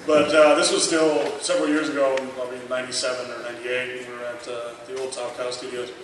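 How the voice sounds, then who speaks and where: A man in his thirties telling a lively anecdote at a convention panel, acting out the dialogue and laughing often. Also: medium pitch, fast. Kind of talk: storytelling at a memorial panel. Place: large convention hall. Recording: echoey hall miked from far, noisy.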